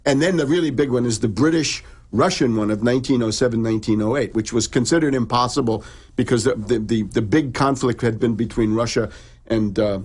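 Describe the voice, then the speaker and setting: Mid-range and a little mellow, with a slight roughness, this man's voice carries a long historical explanation delivered conversationally. He lectures haltingly, restarting frequently and dropping in fillers.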